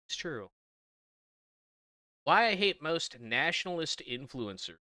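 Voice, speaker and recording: Male streamer host, very bright and clean tone, blunt offhand reactions; dry close recording. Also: a little high, sing-song, slow pace, dry recording. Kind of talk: casual stream chat.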